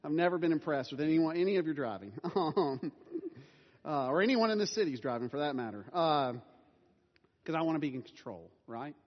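A man's voice: fairly high pitch, animated, fairly quick. A middle-aged man preaching a sermon as a pastor, casual and self-deprecating, laughing now and then. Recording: dull sound with long hall reverb.

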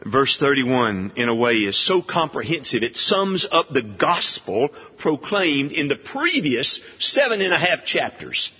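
A man preaching an expository sermon, emphatic and deliberate, firing off rhetorical questions. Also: mid-range voice, very animated, husky. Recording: dull lo-fi audio with long hall reverb.

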